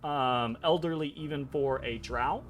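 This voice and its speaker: A man narrating as game master in a tabletop game, halting and hesitant with frequent fillers. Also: mid-range voice. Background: background music.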